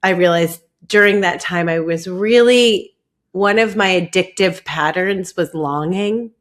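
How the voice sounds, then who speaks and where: A woman's voice: lowish voice, a little slow. Chatty young woman telling a rambling story. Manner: rambling, animated, heavy use of "like". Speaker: podcast guest. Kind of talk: casual storytelling chat.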